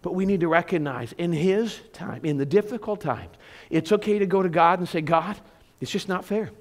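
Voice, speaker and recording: High-voiced man preaching conversationally. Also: lively intonation, brisk. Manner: conversational preaching with storytelling and rhetorical questions. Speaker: pastor. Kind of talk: sermon. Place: church sanctuary.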